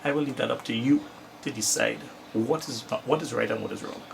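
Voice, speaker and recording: A man's voice: medium pitch, brisk, vocal fry, noisy background. A Trinidadian man giving a self-recorded political rant, emphatic and repeating his points for stress. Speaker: political commentator.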